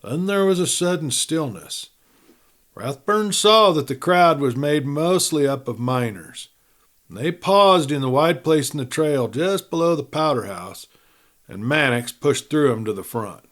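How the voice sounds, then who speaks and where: A man narrating a western novel at a measured, even pace as host of a storytelling series. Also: fairly high pitch. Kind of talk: audiobook-style reading aloud.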